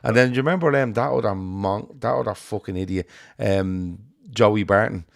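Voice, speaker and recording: A man's voice: fairly low pitch, normal speed, creaky, no room sound, clean studio sound. A man co-hosting a football podcast in casual, jokey chat, laughing at his own stories. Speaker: podcast co-host.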